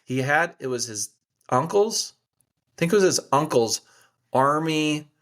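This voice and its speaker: A podcast guest who works as a hunting guide and outfitter, an American in his forties, tells a story in relaxed conversation. His voice leans high and his pace is measured, and he brings the people in the tale to life by acting out their voices.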